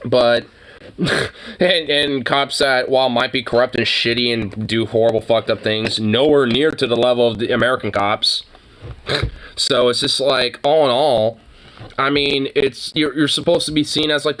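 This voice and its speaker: A man's voice: medium pitch, moderate pace, fairly bright tone. A young man streaming live, ranting casually in a profane, rambling way full of fillers. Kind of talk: casual livestream rant.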